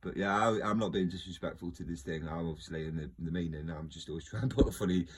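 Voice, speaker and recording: A man's voice: sits low, quick pace, slightly rough. A man talking in a casual, rambling monologue, joking, laughing often and trailing off mid-sentence. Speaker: video host.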